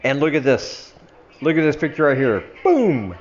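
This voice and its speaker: A man's voice: fairly even intonation, normal speed, muffled recording. An older man chatting casually to his viewers in a vlog, laughing at himself and slurring his words a little after some wine. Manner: chatty, laughs at himself, drifts into a low mumble at the ends of phrases. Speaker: vlogger. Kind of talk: casual chat to camera.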